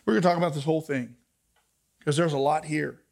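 A man preaching a sermon to a congregation, moving from soft asides to shouted emphasis and calling out questions to the room. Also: fairly high pitch, quick pace, gravelly. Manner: talks back and forth with the congregation. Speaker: pastor.

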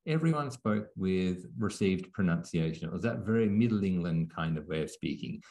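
A man who teaches journalism speaks with a lisp, answering interview questions in a relaxed way with many restarts. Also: deep voice, normal speed. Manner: relaxed, with frequent restarts and fillers. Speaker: journalism lecturer.

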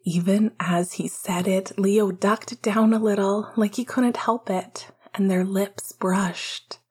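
A woman reading a novel aloud in a soft, whispered storytelling voice. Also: mid-range voice, steady tone. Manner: slow, soft, breathy whispering narration. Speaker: audiobook reader.

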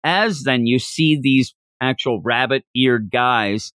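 Speaking slowly in a medium-pitched voice with no echo, the host of a manga podcast rambles casually and with animation. He likes to act out lines and quotes along the way.

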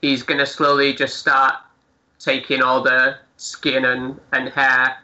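A man from the UK playing a tabletop game, slow and hesitant as he describes what his character does. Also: medium pitch, monotone, sharp tone, muffled recording. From United Kingdom. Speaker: player.

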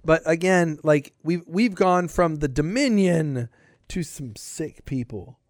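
A man co-hosting a podcast, talking casually in an animated, rambling way with some swearing. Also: fairly high pitch, slow, no echo, clean studio sound. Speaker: podcast co-host. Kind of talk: casual chat about a TV show.

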